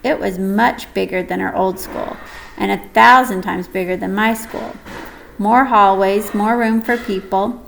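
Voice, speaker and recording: A woman reading a first-person audiobook story in a gentle, measured way. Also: mid-range voice, fairly even intonation, gravelly, slight background noise, low-quality recording. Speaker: audiobook narrator.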